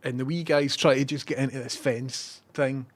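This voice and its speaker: A man's voice: medium pitch, fairly even intonation, normal speed. A man with a Scottish accent, a live streamer telling a rambling story and reading out viewer messages.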